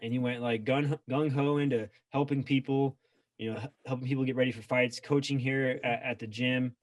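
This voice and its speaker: A man's voice: mid-range voice, fairly even intonation, fairly quick, no echo. Man, podcast co-host, dry close recording, rambling casual storytelling. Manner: rambling, filler-heavy storytelling. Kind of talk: casual chat.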